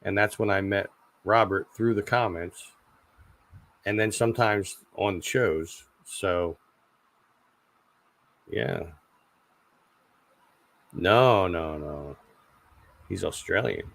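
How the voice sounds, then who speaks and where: A man in his forties hosting a casual livestream chat, rambling and halting with lots of fillers and repeated words. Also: low-pitched, gravelly, fairly bright tone, no room sound. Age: 40s. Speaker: channel host.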